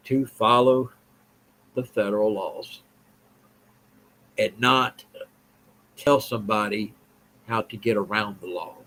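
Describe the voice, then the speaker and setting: A man's voice: lowish voice, steady tone, takes it slowly, long pauses, a bit bright, rough recording. A man hosting a political live stream, talking bluntly, repeating himself and answering viewers' comments. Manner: blunt, repetitive, reads and answers chat.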